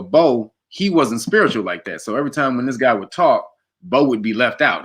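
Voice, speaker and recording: A man telling a personal story in a casual interview, animated and laughing as he acts out quotes. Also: mid-range voice, husky. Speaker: guest.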